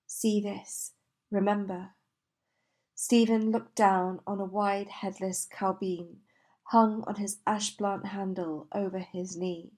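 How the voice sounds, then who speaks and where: A woman reading a literary novel aloud in a slow, measured, deliberate way. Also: medium pitch, fairly even intonation, a little mellow. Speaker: audiobook reader.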